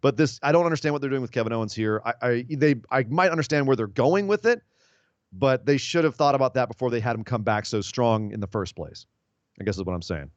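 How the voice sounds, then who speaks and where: A man's voice: mid-range voice, quick pace, no echo. Guy hosting a podcast, rambling opinionated recap, dry dull lo-fi sound. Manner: opinionated, recaps storylines in long run-on stretches. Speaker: podcast host. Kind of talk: casual wrestling podcast chat.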